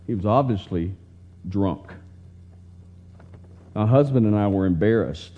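Slow, earnest male preacher, lo-fi. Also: lowish voice, dark tone. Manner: tender, earnest storytelling. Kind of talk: slow, heartfelt story reading in a sermon. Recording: dull lo-fi recording.

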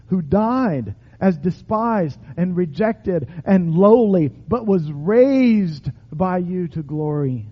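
A man preaching and praying in a sermon, with measured, emphatic delivery and repeated phrases. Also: high voice. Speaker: pastor. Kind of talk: sermon prayer. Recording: reverberant hall, dull lo-fi sound.

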